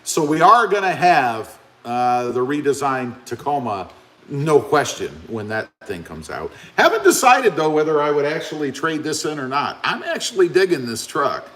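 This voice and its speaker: Male stream host, slightly high, very animated delivery, casual chat reading comments. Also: moderate pace. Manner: chatty, reads viewer comments aloud.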